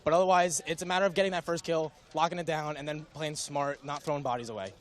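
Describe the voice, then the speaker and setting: A young male player talking fast and in a slightly high voice after a match. He answers casually, halting and restarting with fillers. He is interviewed outdoors by the field. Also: steady tone.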